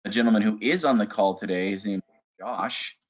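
A sales manager from Arizona presents in a webinar, talking casually and enthusiastically with frequent fillers. His voice is lowish and brisk, recorded through a video call mic with slight background noise.

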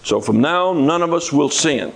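A man's voice: on the high side, expressive, normal speed, gravelly, low-quality recording. A man preaching a sermon in a folksy, conversational way with touches of humor.

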